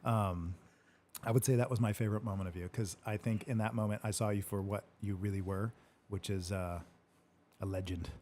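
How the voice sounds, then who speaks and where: A man's voice: fairly low pitch, fairly even intonation, fairly quick, darkish tone, a little hiss or hum. Laughing, rambling man telling a story. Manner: rambling, laughs often, swears casually. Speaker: host answering live questions. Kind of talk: casual storytelling chat.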